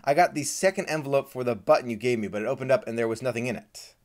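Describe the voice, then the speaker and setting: A man's voice: mid-range voice, racing. Upbeat man chatting on a live stream. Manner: friendly, reads out viewer names and countdowns, gets choked up at times. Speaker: Disney vlogger hosting a live Q&A. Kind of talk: casual live-stream chat greeting viewers.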